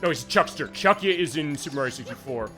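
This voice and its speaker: A man's voice: a little high, expressive, fast talker, bright, forceful tone, soft background music. A man hosting a game stream, chatting casually and rambling with many fillers while he plays. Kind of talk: casual let's-play commentary.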